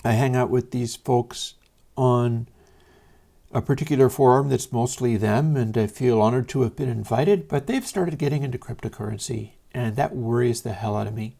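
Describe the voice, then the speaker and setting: A man's voice: mid-range voice, moderate pace, vocal fry, mellow. Male host talking casually from a home studio; meandering and hesitant, with frequent fillers. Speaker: livestream host. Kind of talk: casual rambling monologue.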